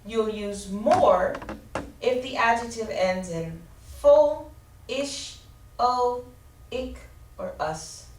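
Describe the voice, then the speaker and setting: A woman teaches grammar at an unhurried pace, spelling out endings letter by letter. She sounds a little far from the mic, in an echoey room with a faint hum of ambience behind her. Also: on the high side, lively intonation. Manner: slow, clear teacherly explanation with spelled-out letters. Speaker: ESL teacher. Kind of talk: grammar lesson.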